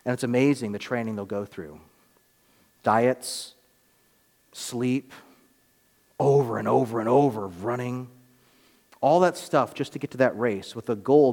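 A male pastor delivering a sermon, rising to emphatic peaks and dropping to quiet, earnest lines. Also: mid-range voice, in a large hall. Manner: preaching with rising emphatic swells and quiet drops. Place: church sanctuary.

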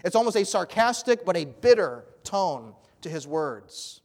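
A man's voice: sits high, big pitch swings, unhurried, a little mellow, big-room sound. A man preaching an expository sermon as pastor, earnest and emphatic.

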